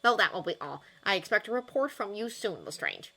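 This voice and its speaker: A man's voice: sits high, expressive, fairly quick, vocal fry, bright, forceful tone, exaggerated voice, rough recording. A woman voicing a smug, scheming male minister of magic in a fanfiction audiobook. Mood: dismissive.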